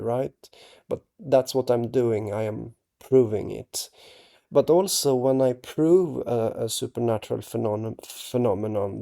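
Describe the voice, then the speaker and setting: A man hosting his own channel, talking to camera in a halting, earnest way, restarting his sentences and checking in with tag questions. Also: mid-range voice, vocal fry, dark tone. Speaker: artist and channel host. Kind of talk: casual talk to camera.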